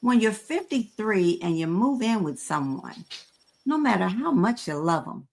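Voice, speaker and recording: A woman's voice: medium pitch, sing-song, unhurried, gravelly, a little mellow. A woman in her fifties co-hosting a podcast. She talks frankly and conversationally, with hesitant fillers. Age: 50s. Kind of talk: candid podcast chat.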